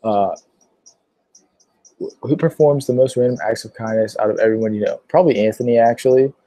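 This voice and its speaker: A man of about nineteen answering viewer questions on a casual livestream, rambling and filling pauses with lots of "uh"s. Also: medium pitch, mellow, no room sound. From Pittsburgh, Pennsylvania. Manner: rambling, filler-heavy, many "uh"s.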